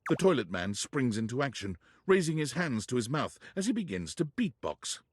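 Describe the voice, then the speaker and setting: A man's voice: mid-range voice, sing-song, moderate pace, a little hiss or hum, close to an everyday voice. A man narrating a game in a wry, descriptive way.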